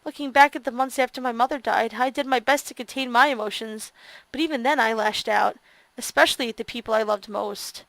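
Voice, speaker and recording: A woman's voice: on the high side, fairly quick, creaky, fairly bright tone, no room sound. A woman streamer reading a visual novel aloud and reacting expressively to it.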